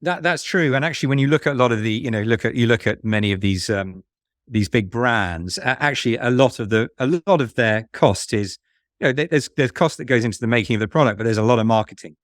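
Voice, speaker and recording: A man talks through his ideas at an ordinary mid pitch, circling back and restarting as he goes. The sound is dry and close, with no room around him. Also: dry recording. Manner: musing, halting, with frequent restarts and fillers. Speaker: fund manager guest. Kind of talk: conversational podcast interview.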